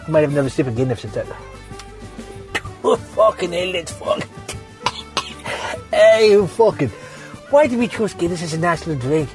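A man's voice: on the high side, expressive, normal speed, long pauses, over music. A drunk man with an Irish accent rambling through a foul-mouthed sign-off as a podcast co-host. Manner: heavy swearing, slurred and rambling.

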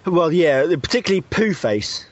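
A man's voice: on the high side, sing-song, normal speed, lo-fi sound. A man co-hosting a casual podcast, teasing the others with cheeky jokes.

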